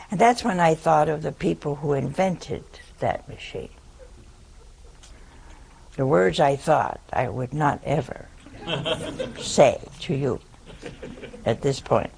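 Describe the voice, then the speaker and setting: Older woman, a nun, spinning unhurried self-mocking anecdotes in a gravelly voice. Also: sits low, darkish tone. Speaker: nun giving a talk. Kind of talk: humorous storytelling talk.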